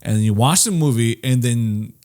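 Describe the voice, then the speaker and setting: Laid-back man with a lively voice. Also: normal speed. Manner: laid-back, slangy, often drops low and quiet. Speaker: podcast co-host. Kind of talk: casual chat.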